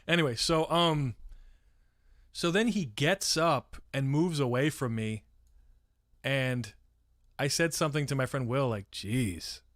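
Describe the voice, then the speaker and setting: A man from San Francisco chats on his live stream, rambling through a story with plenty of swearing and stopping to answer his chat. His voice sits at an ordinary middle pitch, and the sound is dry and close with no room echo. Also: measured pace, pauses often, a bit bright. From San Francisco, USA. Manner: rambling, swears freely, breaks off to read chat. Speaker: livestreamer.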